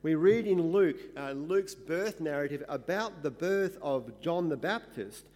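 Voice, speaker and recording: A man, a pastor, giving verse-by-verse Bible teaching in an emphatic, explanatory way, often pausing with "uh". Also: on the high side, lively intonation, darkish tone, in a large hall. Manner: explanatory, emphatic, with frequent "uh" fillers.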